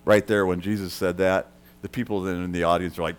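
A man preaching a sermon, talking straight to the congregation, dropping to a quiet murmur and then rising loud for emphasis. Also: little pitch movement, brisk, few pauses. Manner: swings from soft and quiet to loud and high for emphasis; conversational, addresses listeners directly. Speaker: pastor.

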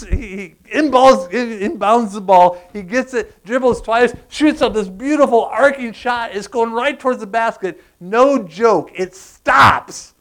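A man preaching a sermon, animated, asking the congregation questions and acting out sounds. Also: sits high. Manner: animated, acts out groans and crowd sounds, asks the congregation questions. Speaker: pastor.

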